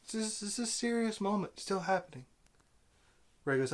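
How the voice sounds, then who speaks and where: A man's voice: high-pitched, animated, moderate pace, long pauses, fairly bright tone. A man giving an angry, sarcastic movie review rant, exasperated and repeating himself. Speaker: video blogger.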